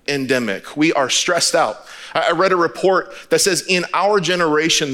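Bright, high-voiced American pastor preaching. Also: male voice. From United States. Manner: candid storytelling, conversational with repetitions. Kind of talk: sermon.

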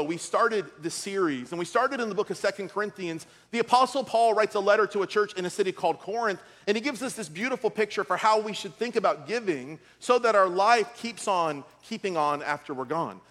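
A man's voice: high voice, brisk, hardly any pauses, a bit bright, in a large hall. A middle-aged man preaching a sermon as a pastor, telling stories with comic asides.

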